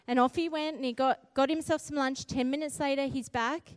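Woman, middle-aged, preacher, high voice, dry close sound, storytelling sermon, emphatic. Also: fairly quick, no echo. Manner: animated, emphatic, repeats phrases.

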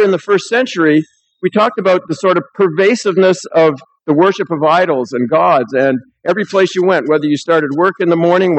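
A man's voice: fairly high pitch, a little hiss or hum, rough recording. A man pastor preaching a sermon in a church, talking conversationally and reading scripture aloud.

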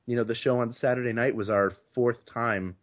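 A man's voice: mid-range voice, steady tone, fairly quick. A man, a podcast host, telling stories in casual chat, with frequent restarts and repeated words. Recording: slightly muffled audio.

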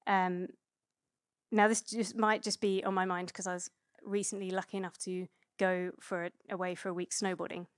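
A woman in her thirties giving a conversational sermon, chatty and relaxed, with frequent fillers and self-corrections. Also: fairly low pitch, moderate pace, no room sound, studio quality. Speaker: preacher.

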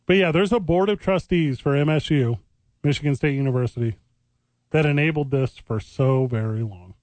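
A man with a Boston accent co-hosting a sports radio show, talking in wry, joking banter with quick asides. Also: fairly high pitch, a little mellow, no room sound. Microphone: studio microphone.

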